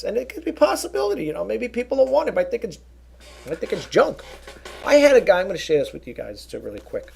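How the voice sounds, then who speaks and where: A man's voice: high voice, wildly swooping pitch, fast, vocal fry, darkish tone, husky. A middle-aged man talking to viewers in a casual vlog monologue, rambling and earnest, often restarting his sentences and turning aside to address the audience. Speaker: YouTube vlogger and eBay reseller.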